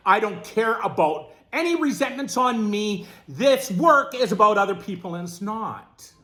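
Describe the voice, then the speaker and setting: A man teaching a group workshop in plain, conversational words, often checking in with his listeners. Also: high voice. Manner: animated, keeps checking in with listeners. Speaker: twelve-step workshop leader.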